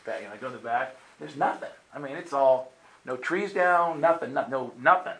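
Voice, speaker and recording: Over a low-quality recording, a man preaches at a brisk pace in a medium-pitched, fairly bright voice. His sermon storytelling takes the form of a conversational personal testimony, where he acts out the quoted lines dramatically and often checks in by saying "right?".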